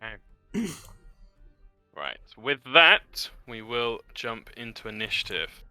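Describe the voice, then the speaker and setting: A man narrating a tabletop game as game master, relaxed with many fillers. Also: mid-range voice, slow, clear, resonant tone, no room sound, soft background music.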